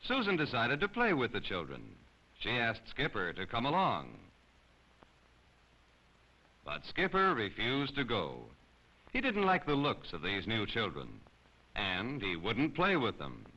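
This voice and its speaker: Animated male storybook narrator. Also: medium pitch, measured pace, pauses often. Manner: expressive, animated. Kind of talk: children's storybook reading. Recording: slightly dull lo-fi recording.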